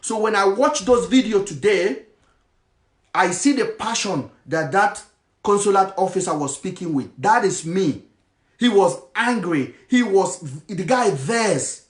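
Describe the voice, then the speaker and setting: A man's voice: sits high, lively intonation, a little slow, roomy sound. A Nigerian man speaking in a passionate monologue, mixing in Pidgin phrases. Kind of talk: impassioned monologue.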